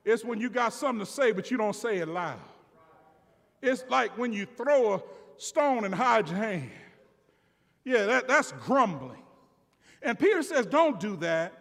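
A man preaching a sermon as pastor, building to loud shouts and dropping to quiet, confiding asides. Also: extremely high pitch, sing-song, a little slow, creaky, long pauses. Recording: long reverb of a large hall.

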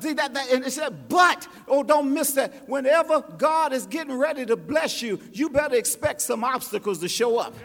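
Very high-voiced preacher shouting in a reverberant hall. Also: male voice, animated, normal speed, vocal fry, hardly any pauses. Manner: impassioned, shouting and half-singing his lines; talks straight to the congregation. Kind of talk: sermon.

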